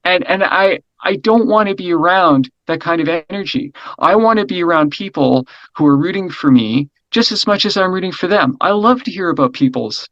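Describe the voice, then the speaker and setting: A middle-aged man, a guest in a casual interview, talks with energy in a loose, rambling way, repeating words and often checking in with "right?". His voice is a little high for a man and moves at normal speed with hardly any pauses. The audio is dry, slightly dull and lacking brightness, with no echo.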